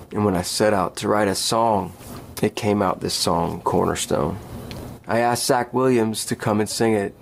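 A man's voice: lowish voice, vocal fry, slight background noise. A man earnestly telling a personal story about writing a song, reflective in tone. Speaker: guest musician.

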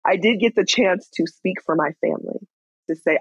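Gravelly, husky woman in her thirties. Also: on the low side, moderate pace, dry recording, highs cut off. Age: 30s. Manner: frank, candid, blunt with swearing. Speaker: storyteller. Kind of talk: personal storytelling.

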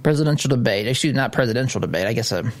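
A man's voice: mid-range voice, expressive, rapid-fire. Indignant male talk radio host. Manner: indignant, sarcastic commentary. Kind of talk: political talk radio monologue.

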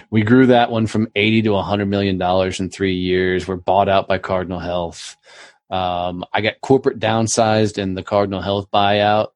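A man's voice: low voice, no room sound. Profane, emphatic man telling stories. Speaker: podcast guest, entrepreneur. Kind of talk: casual podcast chat.

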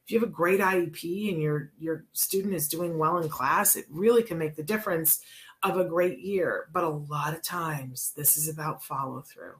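A woman's voice: sits low, moderate pace. A woman hosting a talk show, chatting casually with listeners in a rambling way and correcting herself as she goes. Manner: chatty, rambling, warm asides and self-corrections. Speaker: show host.

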